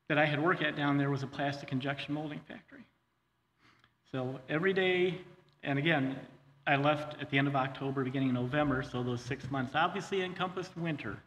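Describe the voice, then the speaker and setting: A middle-aged man telling his personal testimony in a church, earnest and halting, with many fillers and restarts. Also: a little high, fairly bright tone, a little hiss or hum. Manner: earnest, says he gets choked up. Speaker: guest speaker sharing his testimony. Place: church hall. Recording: long hall reverb, faint ambience.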